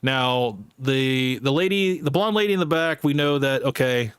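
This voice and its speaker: A man's voice: mid-range voice, lively intonation, normal speed, a bit bright, smooth, no room sound. Rambling man hosting a live stream. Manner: rambling, with many fillers and restarts; blunt, jokey and self-deprecating. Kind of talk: casual live commentary.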